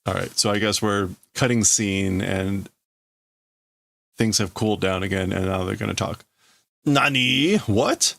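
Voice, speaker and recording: A man on a livestream, translating a manga aloud in a halting, thinking-out-loud way. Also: deep voice, little pitch movement, gravelly, no room sound. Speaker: streamer.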